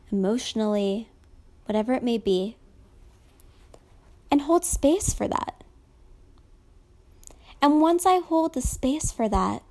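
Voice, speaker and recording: A young woman in her twenties speaking softly and emotionally in a personal reflective vlog, at times dropping to a whisper. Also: a little high. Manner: slow, soft-spoken and emotional, drops to whispers at times.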